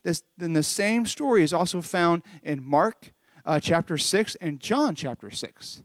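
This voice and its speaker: A man's voice: on the high side, lively intonation, unhurried, no echo. A man leading a children's church lesson from home, retelling a Bible story in an earnest, conversational way with frequent restarts. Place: home recording during lockdown.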